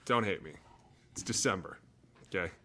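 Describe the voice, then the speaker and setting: A man co-hosting a casual football podcast, an animated storyteller who gets loud when acting out quotes. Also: low-pitched, moderate pace, slight background noise. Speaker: podcast co-host, former NFL lineman. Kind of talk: casual sports chat. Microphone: home setup in front of drums.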